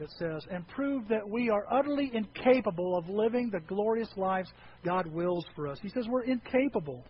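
A man preaching a sermon to his church, swinging between hushed asides and loud, animated outbursts. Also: high voice, lo-fi sound, a little hiss or hum. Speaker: pastor.

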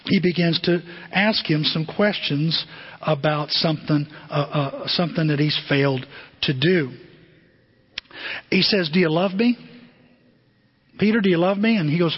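High, husky pastor preaching in a hall. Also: male voice. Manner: animated storytelling, acting out quotes. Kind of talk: sermon. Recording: dull hall recording with long reverb.

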